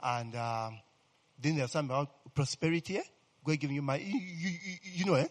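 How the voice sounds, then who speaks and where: A man preaching a sermon as pastor, calling out questions to the congregation and constantly checking in with "eh?", his voice swelling into loud exclamations of praise. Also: on the high side, a little fast. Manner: call-and-response, rising to loud exclamations; asks the congregation questions and repeats "eh?". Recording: echoey hall with faint music.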